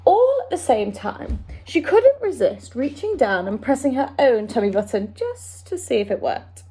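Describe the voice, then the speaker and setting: Teacher reading to young children, expressive woman, bright high voice. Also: moderate pace, hardly any pauses, husky. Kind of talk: reading a storybook aloud to children.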